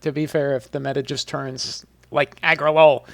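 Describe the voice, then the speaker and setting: Gravelly-voiced wry male co-host. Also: fairly high pitch, little pitch movement, moderate pace. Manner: wry, laughing asides. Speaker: card game podcast co-host. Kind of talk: casual panel discussion.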